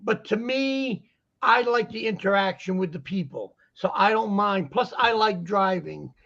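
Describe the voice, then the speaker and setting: A man with a Boston accent chatting casually on a talk show, telling stories and jokes in an animated way. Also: high voice, unhurried, vocal fry, dull audio. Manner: joking, animated storyteller. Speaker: guest vendor. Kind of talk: casual chat. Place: lives in Florida.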